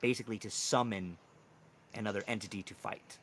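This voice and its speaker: A man with a bright, forward voice runs a tabletop game as dungeon master. He narrates rolls and scenes, laughs easily, and slips into voices for the figures. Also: lowish voice, steady tone, fairly quick, slight background noise. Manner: laughs often, shifts into character voices.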